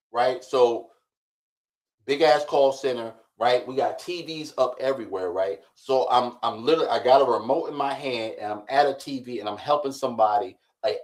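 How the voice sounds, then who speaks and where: Animated man telling a workplace story. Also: mid-range voice. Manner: animated storyteller, acts out quoted dialogue, frequent "right?". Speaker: podcast co-host. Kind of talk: casual storytelling chat.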